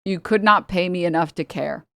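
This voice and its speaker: A woman's voice: fairly low pitch, moderate pace, vocal fry, sharp tone, no echo, clean studio sound. A young woman streaming, talking casually and rambling with exasperated, sarcastic asides to her chat.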